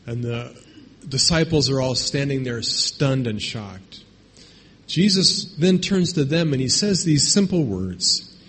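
A pastor delivers a sermon conversationally, frequently checking in with "right?" and restarting his phrases. His voice is medium-pitched and slightly rough, and the recording carries long hall reverb.

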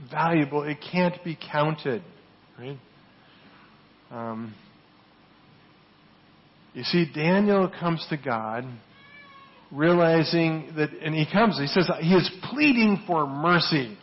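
A fairly high-pitched man preaching a sermon, often asking "right?", rising loud on key points and dropping low and soft on others. The recording is dull and lo-fi. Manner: rhetorical, often asks "right?", swings from loud emphasis to soft low asides. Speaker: pastor.

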